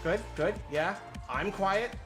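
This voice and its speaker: A man with a high voice takes things slowly while fixing his audio on a desk microphone during a live stream. He chats casually, apologizing in a flustered way with self-deprecating laughs, as awards-show music plays faintly on a TV.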